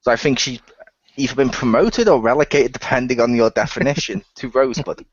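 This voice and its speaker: A man's voice: medium pitch, husky, dry recording. A man co-hosting a casual wrestling chat podcast, joking and laughing between points. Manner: joking, quick asides with laughs. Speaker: podcast co-host. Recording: dull dry lo-fi recording.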